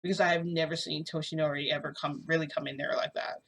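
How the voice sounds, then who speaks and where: A woman telling a long story to her camera in a rambling, animated way, with lots of fillers, filmed indoors at home. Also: deep voice, quick pace, slightly rough. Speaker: vlogger. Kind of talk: casual storytelling vlog. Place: indoors at home under a bright light.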